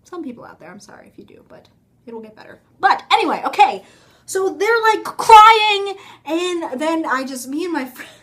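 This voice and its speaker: A young woman with a high voice talks into her phone camera at home. Her story rambles and is chatty and casual. She breaks off mid-sentence and laughs often. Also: lively intonation, fairly quick. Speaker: vlogger.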